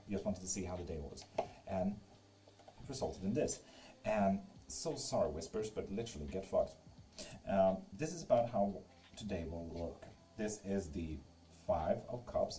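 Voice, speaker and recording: Low, mellow-voiced man swearing through tarot chat. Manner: reads chat comments aloud and swears often; joking and teasing. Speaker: live-stream tarot reader. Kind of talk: casual live-stream chat.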